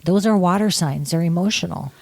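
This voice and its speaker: A woman astrologer, a podcast guest, explaining things in a warm, emphatic, casual way. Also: on the low side, fairly quick, creaky.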